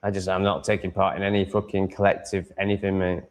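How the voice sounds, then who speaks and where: A man's voice: sits low, flat delivery, fast. A man live streaming from home, chatting and answering comments in a rambling, profane way with stumbling restarts and chuckles. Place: at home with cats on his lap.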